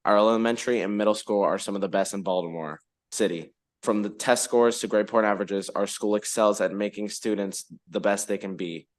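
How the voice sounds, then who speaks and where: A man's voice: on the low side, steady tone, brisk. A fourteen-year-old boy reading prepared testimony to a legislative committee, with careful reading and small restarts. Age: teens. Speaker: student witness.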